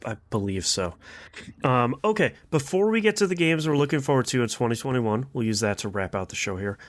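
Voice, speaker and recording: A man hosting a casual gaming podcast, reading out results with slow, drawn-out pauses. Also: mid-range voice, expressive. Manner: upbeat, reads results slowly with drawn-out pauses. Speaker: podcast host.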